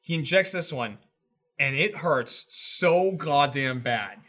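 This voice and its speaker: A man's voice: a little high, takes it slowly. A man on a casual podcast, telling a story with lots of swearing and acted-out quotes. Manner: animated storytelling, swears a lot, acts out quotes. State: shaved head. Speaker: podcast co-host. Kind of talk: casual chat.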